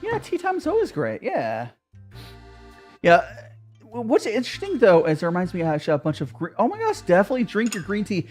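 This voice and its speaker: A woman streamer chatting casually with her viewers, bubbly and quick to laugh. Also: medium pitch, huge pitch swings, darkish tone, faint music behind.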